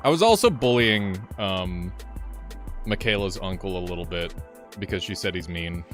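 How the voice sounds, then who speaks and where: A young man streaming a game, telling a story in a casual, animated way, swearing freely, laughing often and jumping higher when excited. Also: moderate pace, faint music behind. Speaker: gaming streamer. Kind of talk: casual live-stream chat.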